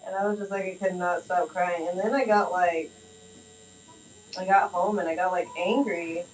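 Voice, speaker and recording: A woman's voice: on the low side, moderate pace, slight background noise. Woman rambling thru a funny story, lots of like, a bit far from the mic. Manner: animated storyteller, lots of "like" and laughing asides. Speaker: client chatting during tattoo. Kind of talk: casual chat, storytelling.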